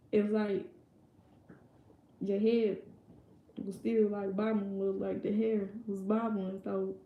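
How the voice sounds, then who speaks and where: A woman's voice: medium pitch, flat delivery, slow pace, pauses often, narrow, tinny audio. A young woman telling a personal story in a casual, rambling way, full of fillers and quoted voices. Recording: echoey room.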